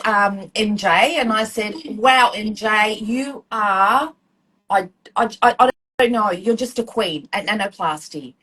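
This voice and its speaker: A woman's voice: fairly high pitch, a little slow, fairly bright tone, rough recording. A woman in her forties with an Australian accent, a hairdresser telling her story in a chatty, rambling way full of ums and acted-out quotes during a live-stream chat. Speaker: hairdresser and student guest.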